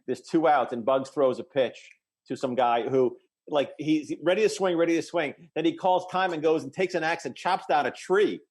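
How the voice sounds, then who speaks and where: A man's voice: fairly high pitch, normal speed, darkish tone. A man in his thirties, a podcast co-host, chatting casually and eagerly retelling scenes, with many restarts. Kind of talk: casual chat.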